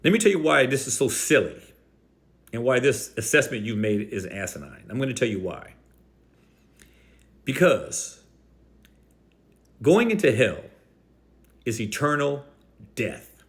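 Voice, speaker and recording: A man's voice: mid-range voice, very animated. Combative man rebutting an opponent. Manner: combative, stresses key words with slow drawn-out emphasis. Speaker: Christian apologetics video host. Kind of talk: direct-address rebuttal.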